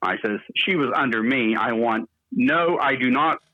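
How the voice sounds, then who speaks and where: A man's voice: mid-range voice, normal speed, dry recording, narrow, tinny audio. A man in his fifties, a radio DJ, telling long, salty anecdotes in an interview. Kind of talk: storytelling interview.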